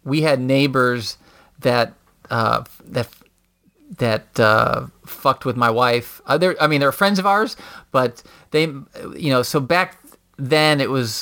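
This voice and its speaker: A man telling stories in a casual podcast chat, rambling with many fillers and acting out quotes loudly. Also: mid-range voice, a little slow, clean tone. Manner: rambling storyteller, profane, acts out quotes loudly. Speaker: podcast guest. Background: dogs nearby.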